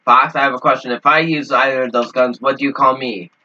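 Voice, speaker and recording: A young man hosting a gaming session, bantering excitably with friends and breaking into squeaky yells, through a lo-fi mic. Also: fast, distant mic. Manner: excitable, trash-talking, squeaky outbursts. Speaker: gaming channel host. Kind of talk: casual gameplay banter.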